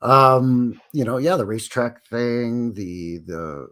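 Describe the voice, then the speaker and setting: A man's voice: mid-range voice, animated, slow pace, fairly bright tone. Chatty Canadian man saying "eh". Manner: joking, chatty, drops in "eh" often. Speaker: co-host. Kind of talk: casual live-stream chat.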